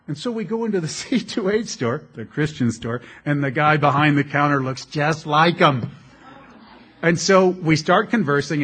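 Husky, jokey middle-aged male preacher. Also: a little high, normal speed. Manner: animated, jokey storytelling with repeated restarts. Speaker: pastor. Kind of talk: sermon with humorous stories.

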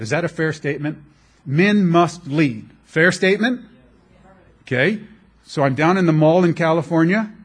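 A middle-aged man preaching a sermon as a pastor, animated and joking, with laughs along the way. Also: a little high, breathy edge.

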